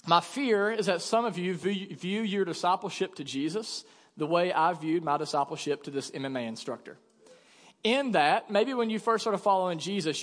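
A young adult man preaching a sermon in a church, telling a jokey story and acting out the dialogue in an animated way. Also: high voice. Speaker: pastor. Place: church hall. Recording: long church reverb.

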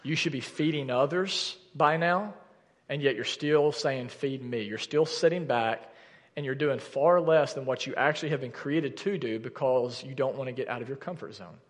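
Earnest pastor preaching in a reverberant sanctuary. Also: male voice, medium pitch, moderate pace. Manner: earnest, direct address to the congregation with rising intensity. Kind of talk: sermon. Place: church sanctuary.

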